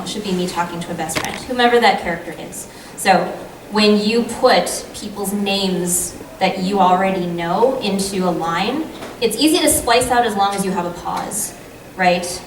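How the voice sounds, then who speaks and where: A woman's voice: mid-range voice, background noise. Chatty woman voice actor sharing tips on a panel, echoey big hall, a bit far from the mic. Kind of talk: panel talk.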